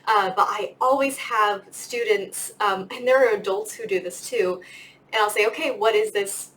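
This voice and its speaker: A woman's voice: mid-range voice, moderate pace, a bit bright, low-quality recording. A young woman giving a casual grammar lesson as a teacher, chatty and full of fillers. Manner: chatty, lots of "like" and "um". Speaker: English teacher.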